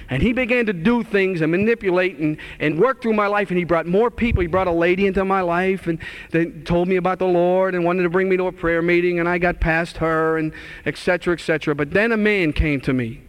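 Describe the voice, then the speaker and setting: High-voiced man giving testimony. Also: smooth. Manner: earnest, animated storytelling. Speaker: guest speaker sharing testimony. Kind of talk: testimony talk.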